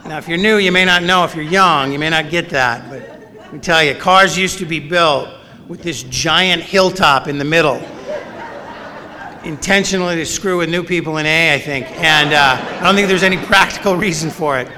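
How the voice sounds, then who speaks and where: At a recovery meeting, a middle-aged man shares a funny personal story in a wry, self-mocking way. His voice is a little high and sharp, at a moderate pace, with slight background noise and the long reverb of a large hall.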